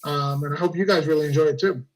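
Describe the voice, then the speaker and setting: A man's voice: on the high side, fairly even intonation, fast talker, rough recording. A man co-hosting a casual comics chat, easygoing and hesitant, with many ums. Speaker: podcast co-host.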